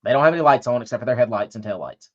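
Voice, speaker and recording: Racing and animated, this man's mid-range voice comes through a muffled recording. He co-hosts a podcast, spinning a long, loose, profane story and performing other people's lines as he goes.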